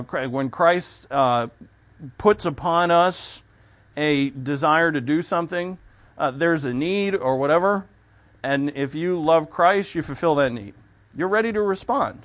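A man's voice: a little high, a little slow, fairly bright tone. A man preaching a sermon in a conversational way, stopping and restarting his sentences as he explains a scripture.

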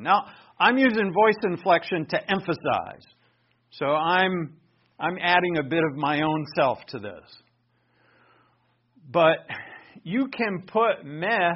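A man teaching a Bible lesson in sermon style, conversational and animated, raising his voice for emphasis. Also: on the high side. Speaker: pastor teaching. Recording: dull lo-fi recording.

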